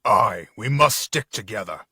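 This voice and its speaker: A man's voice: fairly low pitch, animated, a little slow, pushed and bright, husky, dry recording, full character voice. A man voicing a boastful, brutal male orc captain in a dramatic reading, growling and domineering.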